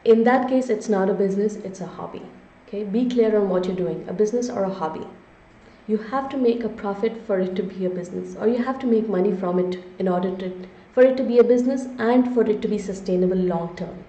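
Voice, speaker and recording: A middle-aged woman hosting a live online webinar, presenting upbeat and often checking in with her viewers with a quick "okay?". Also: mid-range voice, warm tone. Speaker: webinar host and business strategist. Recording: echoey room, slightly dull lo-fi sound.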